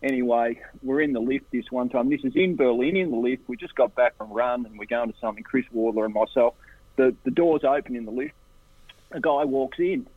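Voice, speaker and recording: A man's voice: husky, no echo. Australian man telling stories over a tinny phone line. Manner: animated, jumps into higher voices for the people in his stories. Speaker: interview guest. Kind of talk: casual anecdotal storytelling.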